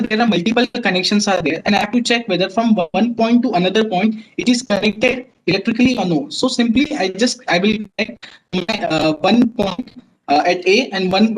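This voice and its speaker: A man's voice: high voice, rough recording. A man presenting a technical webinar, explaining test instruments step by step with frequent fillers and restarts.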